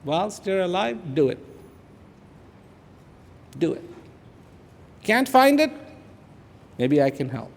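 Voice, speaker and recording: A man in his fifties from India, speaking, gives an inspirational speech to an audience. He repeats phrases for emphasis and swings between hushed and loud. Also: high voice, very animated, takes it slowly, creaky, pauses often. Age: 50s. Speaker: public speaker. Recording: echoey large hall.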